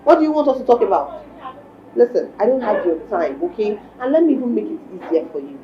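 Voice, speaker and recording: A woman's voice: on the high side, very animated, fast, muffled recording, slight background noise. An actress playing an angry, dismissive young woman shopkeeper with a Nigerian accent, in a film drama. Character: fed-up young woman shopkeeper, sharp-tongued.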